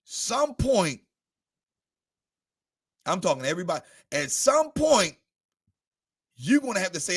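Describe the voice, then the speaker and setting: A man's voice: high-pitched, very animated, unhurried, pauses often, slightly rough. A man preaching a sermon, addressing the congregation by name with rising and falling volume. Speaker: pastor.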